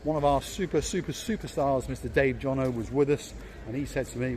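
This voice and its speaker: Crowd noise and outdoor street sounds surround a man guiding viewers down a seaside promenade in his walking-tour vlog. His Yorkshire English accent, from England, comes through in a mid-range voice that runs a little fast, and he's chatty, leaning on repeated words for emphasis.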